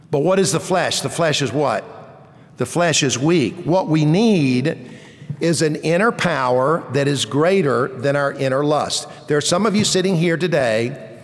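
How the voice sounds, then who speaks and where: High-voiced male pastor preaching in a hall. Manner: asks the congregation questions, emphatic repetition. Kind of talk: sermon. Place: large church auditorium.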